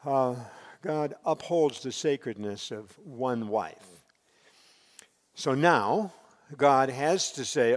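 Expressive preacher man in an echoing hall. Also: medium pitch, slow pace, pauses often. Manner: expressive preaching, swells loud and drops soft. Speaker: pastor. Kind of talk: sermon.

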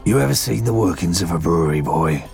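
A man putting on a gruff one-eyed older man. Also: lively intonation, quick pace, a little mellow, faint music behind. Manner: gruff, booming, menacing.

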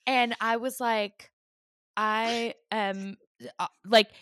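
A woman co-hosting a podcast, telling an animated story in casual chat and laughing often. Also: on the high side, drawn-out words, no room sound, studio quality. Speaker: podcast co-host.

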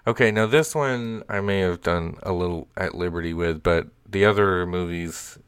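A man's voice: low voice, normal speed, smooth, no echo, studio quality. A man hosting a casual podcast chat, leading each topic and laughing often. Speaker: podcast host.

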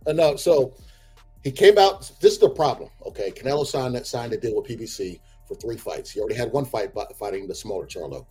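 A husky-voiced man talks combat sports in a loose, opinionated way. He builds into heated, animated rants. Faint music sits under his voice. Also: mid-range voice, fairly quick. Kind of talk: casual sports talk.

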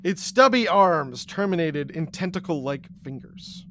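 Slow animated comic storyteller man. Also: fairly high pitch. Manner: deadpan, slow, laughing through. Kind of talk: comedic second-person storytelling. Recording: recording with audible hiss.

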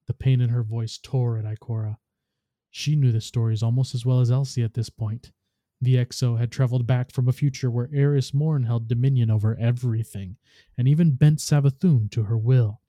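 A man, a podcast host, reading a story aloud in a steady, even narration. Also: mid-range voice, fairly quick, no echo, clean studio sound.

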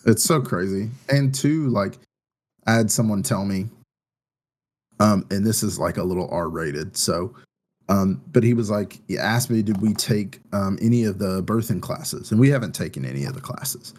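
A man's voice: fairly low pitch, moderate pace, a little mellow. A man co-hosting a podcast in casual chat, talking in a loose, rambling way full of fillers, anxious about his first baby. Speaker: podcast co-host.

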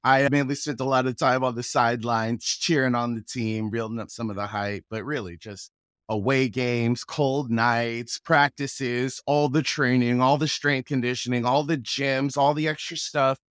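A man from the Pacific Northwest, a guest telling stories in a relaxed, casual way, often chuckling. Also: medium pitch, normal speed, dry recording, studio quality. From Pacific Northwest, USA. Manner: relaxed, chuckles often, acts out quoted voices. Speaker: guest, rapper and actor. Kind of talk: casual conversational storytelling.

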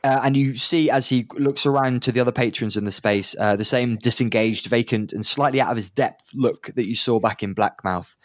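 A man's voice: medium pitch, fairly quick, few pauses, no room sound, clean studio sound. A man narrating as game master, rambling with lots of fillers and restarts.

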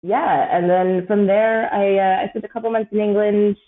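A woman's voice: mid-range voice, steady tone, normal speed. Canadian woman chatting over a tinny line. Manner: rambling, laughs often, many fillers. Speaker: podcast guest. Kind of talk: casual chat.

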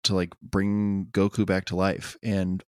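A man's voice: deep voice, level tone, unhurried, no echo, studio quality. A young man co-hosting a podcast in casual chat, rambling and hedging with lots of "like". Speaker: podcast co-host.

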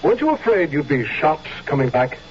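An actor playing a grave, authoritative general questioning a soldier in a 1970s radio drama, from a dull old broadcast recording. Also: male voice, fairly high pitch, sing-song, a little hiss or hum. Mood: probing. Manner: measured, authoritative. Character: stern commanding general, probing and grave.

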